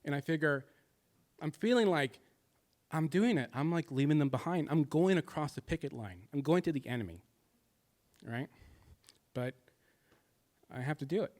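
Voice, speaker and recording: Man in his thirties, stand-up storyteller, slightly high voice, confessional delivery. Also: animated, moderate pace, long pauses, darkish tone. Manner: confessional, shifts from jokes to somber. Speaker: stand-up comedian.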